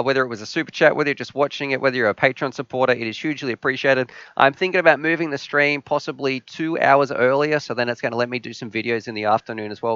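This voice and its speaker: A man's voice: mid-range voice, fairly bright tone, clear, resonant tone, no echo. A man hosting a live stream, telling a joke and chatting with viewers in a rambling, jokey way. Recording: slightly dull, dry sound.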